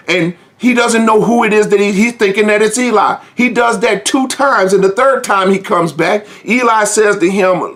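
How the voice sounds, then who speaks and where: A man with a notably high voice preaching an informal sermon. He talks straight to his listeners in an earnest, plain way, often doubling back on words as he goes. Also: moderate pace, hardly any pauses, a bit bright. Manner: earnest, repeats words and restarts, direct address.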